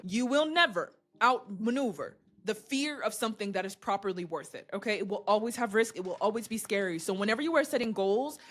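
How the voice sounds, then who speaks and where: Animated woman talking to camera. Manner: animated, laughs often, swoops in pitch. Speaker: podcaster and video host. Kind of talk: casual motivational talk to camera.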